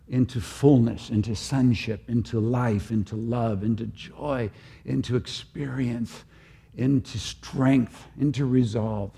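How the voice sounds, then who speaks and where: Husky-voiced older preacher, earnest and halting. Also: male voice, mid-range voice, mellow. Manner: earnest, halting, with many restarts. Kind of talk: sermon.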